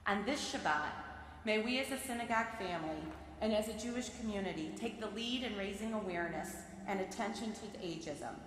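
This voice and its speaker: Woman, sermon from a pulpit, earnest and measured, mid-range voice, faint hiss behind. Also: medium pitch, a bit bright. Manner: measured, earnest reading of prepared remarks. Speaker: lay speaker giving a sermon. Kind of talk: prepared sermon delivered from the pulpit. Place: large synagogue sanctuary. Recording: very echoey sanctuary with long reverb.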